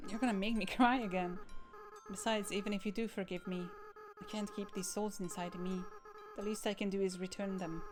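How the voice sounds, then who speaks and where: A woman voicing a remorseful young goat monster boy, reading the game's dialogue softly and haltingly. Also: mid-range voice, natural voice. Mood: resolute. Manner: soft, earnest, halting reading. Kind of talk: game dialogue read aloud. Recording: game music underneath. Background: game music.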